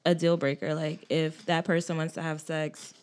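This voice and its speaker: A woman's voice: low voice, flat delivery, normal speed, clear, resonant tone. Easygoing woman podcast co-host. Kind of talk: casual podcast chat.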